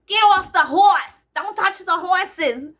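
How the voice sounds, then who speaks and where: A woman voicing a gruff, loud male police officer with a Boston accent, barking slow drawn-out orders. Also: extremely high pitch, voice pushed up, exaggerated voice. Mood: yelling.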